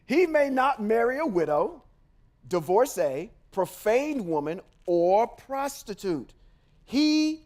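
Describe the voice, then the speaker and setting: A man's voice: high voice, very animated, takes it slowly, long pauses. A man hosting a podcast, reading scripture aloud and breaking into emphatic, confrontational commentary with slangy asides. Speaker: podcast host.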